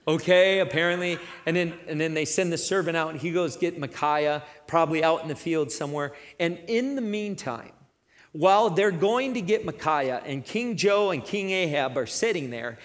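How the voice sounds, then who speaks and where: A man preaching a sermon, retelling a scripture story with lively energy and frequent asides. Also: a little high, normal speed, in a large hall. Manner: energetic, acts out characters, frequent "right?".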